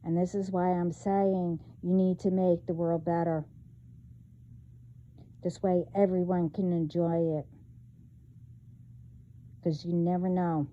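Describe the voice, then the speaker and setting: A woman vlogging in a casual monologue, talking haltingly with many fillers and trailing thoughts. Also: lowish voice, level tone, warm tone, highs cut off.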